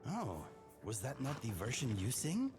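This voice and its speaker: An actor playing a chatty, playful male cat-man companion in a game, with music clearly behind. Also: medium pitch, wildly swooping pitch, unhurried.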